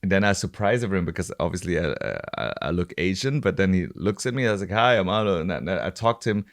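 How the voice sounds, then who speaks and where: A man's voice: low-pitched, lively intonation, fast. A man of about forty from Germany with a German accent, a podcast host telling a rambling story in casual chat, full of restarts and fillers. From Stuttgart, Germany.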